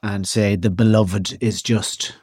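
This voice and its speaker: A man's voice: fairly low pitch, steady tone, slow, a little mellow, breathy edge, no echo, clean studio sound. Teasing man hosting a chat. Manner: teasing, prodding interviewer. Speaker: podcast host. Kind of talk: casual chat.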